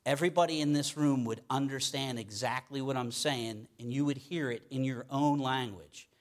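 A man's voice: medium pitch, normal speed. Middle aged guy from pittsburgh, pittsburgh accent, preaching like he's just talking to you, keeps saying okay. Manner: conversational preaching, frequent "okay?" check-ins. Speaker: pastor. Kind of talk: sermon.

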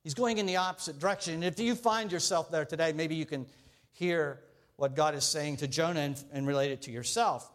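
A man's voice: a little high, fairly quick. A male pastor preaching a sermon in a conversational way, joking with the congregation.

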